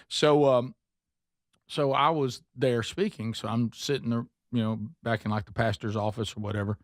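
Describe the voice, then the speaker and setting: A man's voice: lowish voice, dry recording, clean studio sound. A male talk show host, telling stories in a casual way and acting out the people he quotes, with many stammered restarts.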